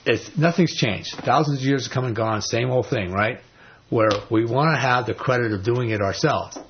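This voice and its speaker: A man teaching an informal Bible study, retelling stories in a folksy way with many fillers and lively quoted voices. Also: mid-range voice, moderate pace, dull audio, a little hiss or hum.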